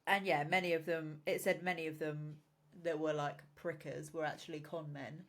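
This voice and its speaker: This podcast co-host has a deep, level voice at normal speed. In relaxed conversation she giggles a lot, explaining each topic with loose asides.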